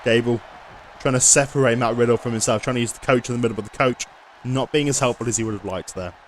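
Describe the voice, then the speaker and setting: A man calling a wrestling video game match, his voice sitting at an ordinary middle pitch. He narrates steadily, then jumps up loud and high when a pin gets close. A faint hum of room noise sits under his voice. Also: fast. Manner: excitable, bursts into loud shouts at near-falls. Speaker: game commentator. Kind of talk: play-by-play wrestling commentary.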